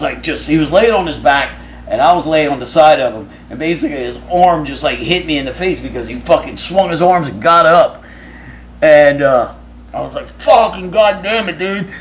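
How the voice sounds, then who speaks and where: A man's voice: fairly high pitch, fairly bright tone, a little hiss or hum. A man on a live stream, casually telling a rambling, profane story and answering fan questions. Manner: rambling, profane, with frequent restarts.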